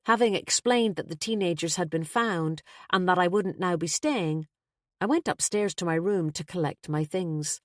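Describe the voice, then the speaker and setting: A woman reading a first-person mystery novel aloud as audiobook narrator, in a steady, measured way. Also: on the low side, no room sound, studio quality.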